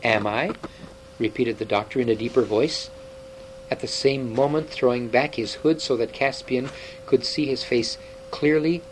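A man narrating a storybook in an expressive way, with occasional stumbles. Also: medium pitch, slight background noise, low-quality recording. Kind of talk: storybook reading.

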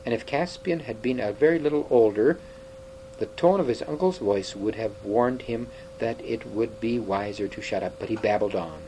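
A man narrating a children's story aloud in a lively, expressive manner. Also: fairly low pitch, normal speed, a little hiss or hum, low-quality recording.

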